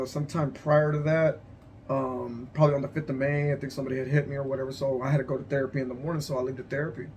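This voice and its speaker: A man telling a personal story as unscripted testimony, emotional and halting, repeating his phrases and sighing. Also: medium pitch, slight background noise. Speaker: vlogger sharing a personal story.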